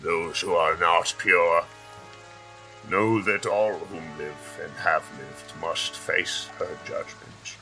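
A man voicing a male priest who leads a funeral with a slow, formal liturgical delivery, in a tabletop game. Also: low-pitched, bright, forceful tone, soft background music, voice pushed down, heavily acted, low-quality recording. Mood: solemn.

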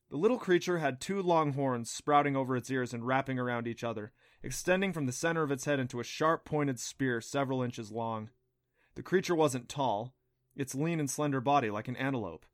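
A male narrator reading an adventure audiobook at a mid pitch, steady and clear. The sound is dry and close, with no room echo at all. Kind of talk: scripted narration.

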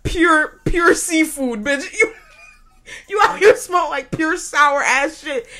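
High-pitched and unhurried, this podcast host launches into a comedic monologue full of swearing. She's loud and laughs a lot, even yelling partway through the story.

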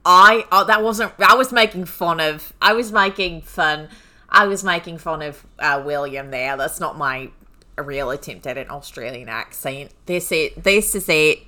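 A woman's voice: sits low, a little slow, bright, forceful tone. A woman co-hosting a comedy podcast, playful and giggly in improv chat.

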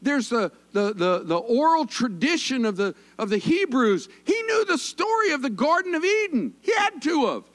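Pastor, man, folksy joking sermon, high animated voice. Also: normal speed, hardly any pauses. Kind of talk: conversational sermon.

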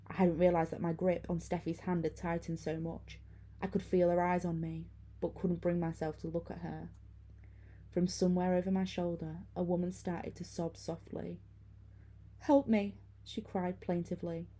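A woman reading a first-person horror story in a hushed, suspenseful way. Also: fairly low pitch. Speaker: narrator.

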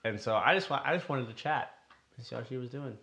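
A man's voice: mid-range voice, animated, fast talker, pushed and bright. A young man co-hosting a casual podcast, telling a story in a rambling, hesitant way. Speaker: podcast co-host.

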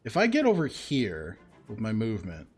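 A man's voice: fairly low pitch, huge pitch swings, normal speed, darkish tone, slightly rough, soft background music. A man playing a tabletop game, casual and joking, with frequent swearing. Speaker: player.

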